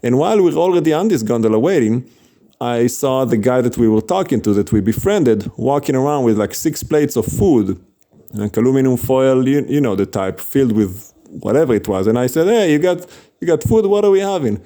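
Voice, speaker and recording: A man's voice: medium pitch, expressive, a little fast, dark tone. A man casually telling a story about street preaching, chatty, with frequent laughs and fillers.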